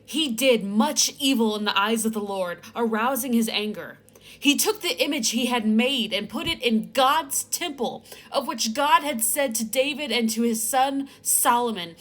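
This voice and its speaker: A woman's voice: on the high side, expressive, moderate pace, a bit bright. A woman hosting a comedic Bible recap vlog, talking in a sarcastic, playful way full of exaggerated asides. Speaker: host.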